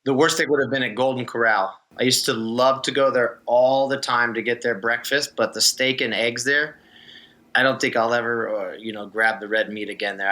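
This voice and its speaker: In a casual interview, a male ex-swimmer tells stories in an easygoing manner and laughs often. His voice is medium-pitched, bright, and forceful.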